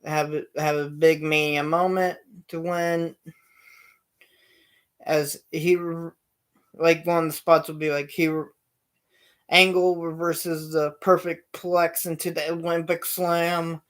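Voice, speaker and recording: A man's voice: a little high, level tone, takes it slowly, a bit bright. A man hosting his own show, telling a long story in a rambling way with many fillers and restarts. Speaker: show host. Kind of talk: casual storytelling.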